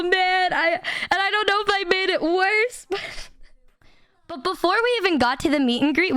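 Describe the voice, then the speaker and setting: A young woman streamer telling a story to her chat in a casual, animated way, laughing often and swearing freely. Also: extremely high pitch, no echo, studio quality.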